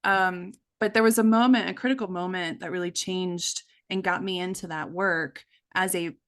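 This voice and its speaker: A woman's voice: on the low side, steady tone, normal speed, fairly bright tone. Earnest woman telling a personal story. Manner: earnest, acts out quoted voices, many fillers. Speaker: podcast guest, coach.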